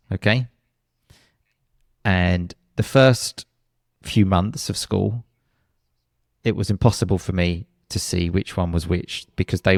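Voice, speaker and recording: A man with a deep, gravelly voice explains pronunciation in an interview. He demonstrates word stress by saying words several ways and often restarts his sentences. The sound is dry and close, with no room echo. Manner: frequent restarts and hesitations. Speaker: English pronunciation teacher, podcast guest.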